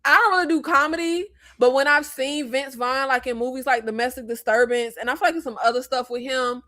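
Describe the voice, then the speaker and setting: An American woman hosting a casual movie review chat, blunt and animated, with rambling asides. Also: sits high, fairly quick. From United States. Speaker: host.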